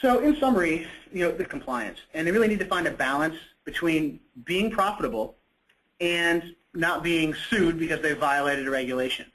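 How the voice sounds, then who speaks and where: A man's voice: fairly high pitch, moderate pace, a bit bright, rough recording. A man presenting a product in a webinar, talking conversationally with frequent fillers and self-corrections.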